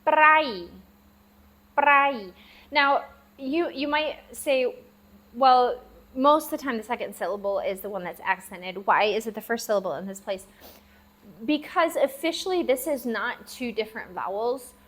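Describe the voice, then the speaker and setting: A woman teaching a language lesson, patiently repeating words slowly and spelling them out. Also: a little high. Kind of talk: classroom-style language lesson. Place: lives abroad in Southeast Asia.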